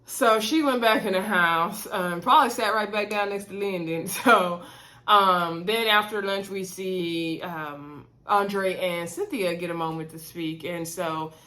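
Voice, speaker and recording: Woman dishing on a reality show episode, gossipy and animated, chatty vibe. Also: on the low side, unhurried. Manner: animated, gossipy, acts out quotes. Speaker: reality show recap host. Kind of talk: casual chatty recap.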